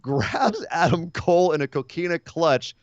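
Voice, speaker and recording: A man co-hosting a casual wrestling podcast, telling stories in an animated way and acting out quotes. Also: fairly high pitch, unhurried, no room sound, dull audio. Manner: animated storyteller, acts out quotes. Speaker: podcast co-host. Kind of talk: casual wrestling recap chat.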